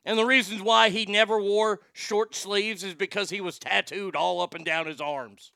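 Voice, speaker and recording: A podcast host delivers a sarcastic, profane comedic rant in the style of a talk show host. His voice is high, bright, crisp and smooth, with a steady tone and moderate pace. The recording is dry and close, with no room sound around it.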